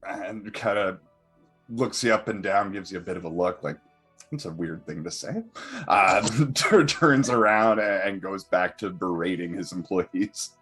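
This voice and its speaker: A man with a very low, husky voice runs a tabletop game as its game master. He talks hesitantly, with many fillers and restarts, and soft music plays behind him. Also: unhurried.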